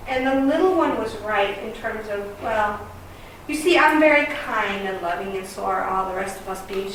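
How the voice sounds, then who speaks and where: A kind, loving male cosmic being, as a woman channels him, who speaks in a calm, earnest, teaching manner. The voice sits a little high and is heard from a distance in a very echoey room with steady background noise. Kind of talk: channeling session.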